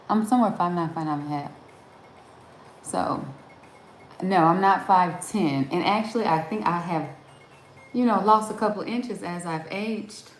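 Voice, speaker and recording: A woman's voice: medium pitch, reverberant, a little hiss or hum. A woman with a Southern American accent, hosting a casual live stream and chatting with viewers, greeting them by name and laughing often. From Southern United States.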